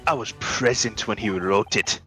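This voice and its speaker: A man's voice: on the low side, normal speed, bright, forceful tone, soft background music. A man voicing a fussy male lodging-house keeper in a group fan dub of a game. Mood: explaining. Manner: teasing, joking banter.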